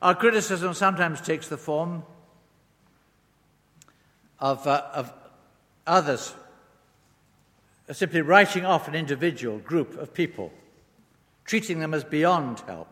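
A male preacher delivers a sermon in a fairly high voice that rises and falls with lively emphasis. His words ring out with the long reverb of a large hall. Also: slow pace, pauses often. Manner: expressive, rising and falling emphasis.

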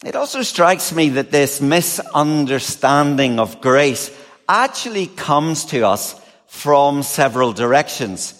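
A man preaching a sermon, measured and expressive, with a touch of dry humor. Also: a little high, big-room sound.

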